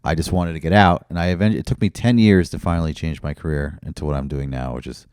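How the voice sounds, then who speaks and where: A man's voice: rumbling low, fast talker, darkish tone, clean tone, no echo, studio quality. A man, a comedian telling rambling, profane stories as a guest on a casual podcast. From Brooklyn, New York.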